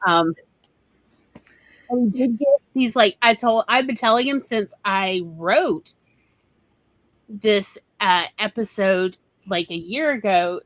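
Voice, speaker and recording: A woman host in casual chat, talking eagerly and rambling with plenty of fillers. Her voice sits at a middle pitch. The recording is close and dry. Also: unhurried, a bit bright, no echo, poor audio. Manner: chatty, enthusiastic, many fillers. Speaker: host, writer.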